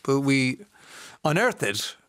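Chatty radio host, dry studio sound. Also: male voice, mid-range voice, big pitch swings, slow pace, fairly bright tone, clear, resonant tone, no echo. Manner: chatty, friendly questioning with fillers. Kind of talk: casual radio chat.

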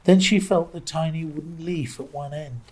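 A woman narrating a children's story aloud in a lively, expressive way. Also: low-pitched, moderate pace, slightly rough. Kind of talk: storybook reading.

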